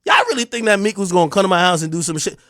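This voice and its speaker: A man with a New Jersey accent hosting a livestream, delivering a heated, taunting rant that swings between loud jabs and low mutters. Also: rapid-fire, no echo, clean studio sound. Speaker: livestream host. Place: home streaming room.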